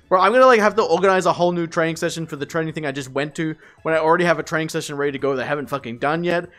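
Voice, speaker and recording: A man's voice: on the high side, fast, a bit bright, soft background music. Rambling guy streaming. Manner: rambling, laughing often, casual swearing. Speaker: livestreamer. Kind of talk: casual livestream chat.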